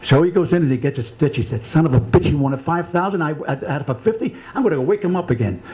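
A man's voice: on the high side, fast talker. A man telling a long joke in a bar and acting out the characters' lines. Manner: animated storyteller, acts out the characters' lines.

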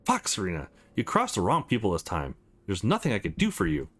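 A man's voice: on the low side, wildly swooping pitch, fairly quick, a bit bright, pitched below the performer's own voice, full character voice. A man reading an urgent, worried judge. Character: worried male judge on the phone.

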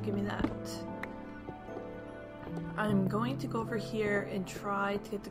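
A young woman giving live commentary on her gameplay, jumpy and exclaiming often as she talks to her viewers, over loud game music. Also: medium pitch, level tone, measured pace, long pauses. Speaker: gaming YouTuber.

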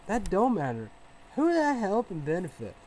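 Talking to the camera in a loose vlog monologue, this man's pitch swoops wildly while his speed stays normal. He repeats himself, restarts often, leans on fillers, and lurches between quiet mumbles and loud bursts over a rough recording with a little hiss or hum.

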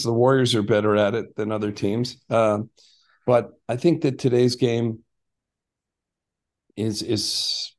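This older man, who used to act and coach basketball, chats through stories in an interview, wandering off into asides and restarting often. His voice is mid-range and a little mellow.

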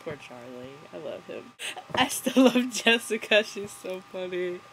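A woman's voice: fairly low pitch, very animated, measured pace, a crowd in the background, poor audio. A young woman rambling through a casual, sarcastic movie review, giggling as she goes.

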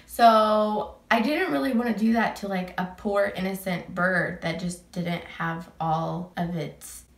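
A woman's voice: mid-range voice, a little slow, echoey room. A young woman vlogger telling a story in casual chat, rambling with lots of "like" and breaking into giggles.

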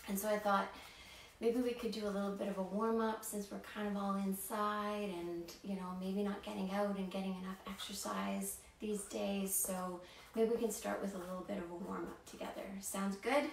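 A woman storyteller running an interactive children's show, playful and animated, talking straight to the children watching. Her voice is picked up a bit away from the mic in an echoey room. A faint hiss sits behind it. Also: mid-range voice, normal speed, gravelly, distant mic. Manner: animated, playful, talks straight to young viewers.

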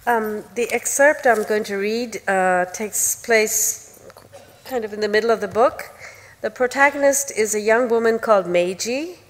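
A woman with an Indian English accent reads her own fiction aloud at a measured pace, stumbling now and then as she sets up the scene. Her voice sits slightly high. It rings with the long reverb of a large concert hall. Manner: measured reading, with some stumbles in her introduction. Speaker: author reading from her novel. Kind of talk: author's public reading.

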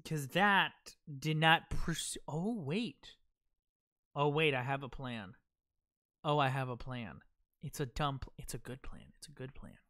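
A young man streaming a video game live, reacting excitably, talking to himself and thanking chat. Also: medium pitch, unhurried. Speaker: gaming livestreamer. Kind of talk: live gameplay commentary.

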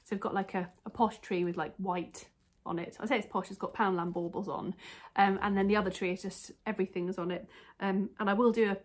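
A woman's voice: medium pitch, fairly even intonation, brisk. A woman chatting casually to viewers at home as she shows off a haul, rambling and interrupting herself. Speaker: vlogger showing a haul. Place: home, indoors. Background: faint dog snoring.

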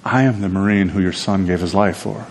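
A man's voice: deep voice, fairly even intonation, a little fast, a little hiss or hum. A man voicing a humble young Marine in a sermon story, earnest and hesitant. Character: humble young male Marine, grateful and shy.

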